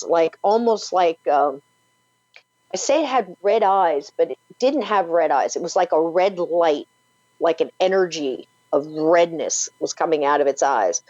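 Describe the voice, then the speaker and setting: Low-voiced woman telling a ghost story. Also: no echo. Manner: vivid, animated retelling full of "like" and "you know". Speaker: paranormal podcaster and author, guest. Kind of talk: storytelling in an interview. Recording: dull lo-fi, dry sound.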